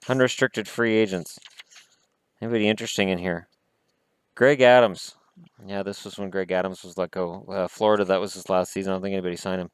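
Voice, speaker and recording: A Canadian man in his thirties talks casually about hockey, reading bits aloud and cutting in with dry, sarcastic comments. His voice sits low and sounds smooth and resonant. The recording is close and dry, with no room sound. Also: fairly even intonation, a little fast, no echo. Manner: sarcastic, adds snide asides to what he reads. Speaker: hockey vlog host.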